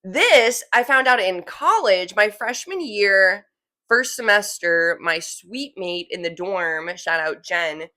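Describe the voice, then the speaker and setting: A woman's voice: mid-range voice, expressive, takes it slowly, bright, forceful tone. Chatty young woman from New Jersey. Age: 20s. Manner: chatty, fillers of "like", laughs easily. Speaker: vlogger. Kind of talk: casual chat to camera.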